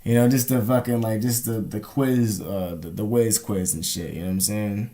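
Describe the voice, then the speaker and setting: A man's voice: on the low side, fairly even intonation, moderate pace, mellow. A young man telling a rambling, profane story in a casual vlog, often asking "you know what I'm saying". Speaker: vlogger.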